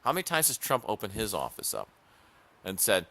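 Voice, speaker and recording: A man's voice: fairly low pitch, wildly swooping pitch, brisk, sharp tone. A man hosting a talk show, giving an emphatic opinion monologue that tells stories and repeats key phrases for punch.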